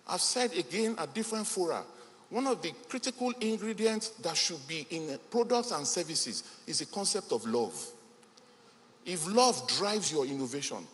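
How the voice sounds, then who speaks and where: A man addresses a business audience with emphatic, repeated phrases. His voice sits a little high and swings widely in pitch. The sound carries the long echo of a large hall over faint ambience. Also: fairly bright tone, a little hiss or hum. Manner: emphatic, repeats key phrases, laughs between points. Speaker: conference speaker. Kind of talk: motivational speech at a business event.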